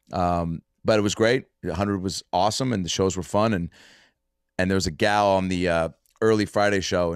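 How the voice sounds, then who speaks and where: A man hosting a casual podcast chat, telling stories in an animated way and swearing freely. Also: deep voice, no echo, studio quality. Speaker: podcast host and comedian.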